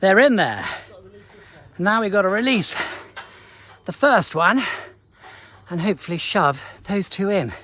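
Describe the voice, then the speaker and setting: This farmer vlogger has a high, bright, forceful voice with big pitch swings, speaking a little slowly and leaving long pauses. He chats to the camera and herds his cattle on the farm and at a livestock market, with slight hiss or hum audible.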